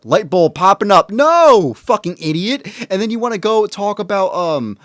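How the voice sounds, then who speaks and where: A man's voice: high voice, big pitch swings, moderate pace, dry recording, studio quality. A man in casual chat, heated and sarcastic, swearing often as he rants.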